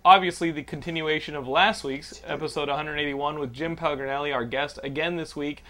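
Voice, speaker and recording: Excitable swearing podcast host man. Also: a little high, brisk, a crowd in the background. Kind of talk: casual chat. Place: Los Angeles.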